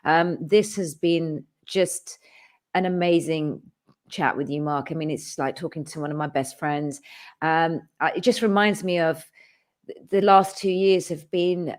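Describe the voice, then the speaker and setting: A woman's voice: low-pitched, fairly even intonation, unhurried. A woman hosting a casual chat, thanking her guest and viewers with feeling and frequent ums and restarts. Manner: emotional, warm thanks with many ums and restarts; tearful, calls herself a crybaby. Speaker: host.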